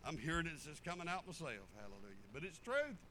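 A man preaching a folksy sermon, swinging from fervent loud passages to low muttered asides. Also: huge pitch swings, fast talker, slight background noise, low-quality recording.

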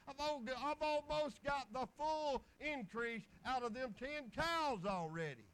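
A man's voice: extremely high pitch, lively intonation, measured pace, fairly bright tone, slight background noise, rough recording. A man preaching a folksy sermon, telling homespun stories and chuckling along the way.

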